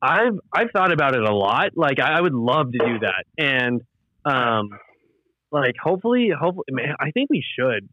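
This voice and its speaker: A man's voice: mid-range voice, very animated, normal speed, bright, forceful tone. A young man, a podcast host, chatting casually in a laid-back, rambling way with lots of fillers and swearing. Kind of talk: casual chat. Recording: muffled lo-fi audio.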